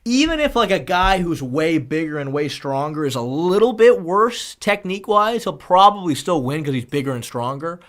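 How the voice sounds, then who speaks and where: A man's voice: a little high, big pitch swings, normal speed, hardly any pauses. A man chatting casually on a live stream, rambling, swearing freely and thanking viewers.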